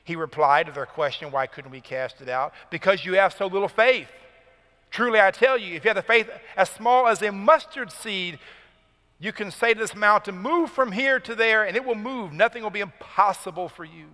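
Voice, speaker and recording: Male pastor, emphatic sermon delivery, sharp bright tone, long church-hall reverb. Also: fairly high pitch. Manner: emphatic preaching, rising for key points. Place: church sanctuary.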